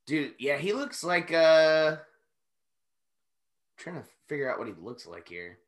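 A man co-hosting a podcast, chatting casually and excitedly as he watches a wrestling match, swearing often and joking. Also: a little high, unhurried. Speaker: podcast co-host.

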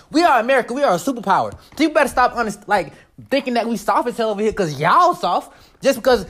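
A woman giving casual commentary on a vlog, animated and profane, laughing often as she rants. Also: on the high side. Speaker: vlogger.

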